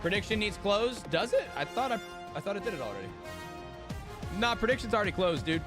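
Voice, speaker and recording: A man's voice: sits high, fairly quick, music in the background. A man hosting a casual live-stream watch party, rambling and swearing freely as he chats with his audience, sleepy and yawning. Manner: rambling, profane and animated.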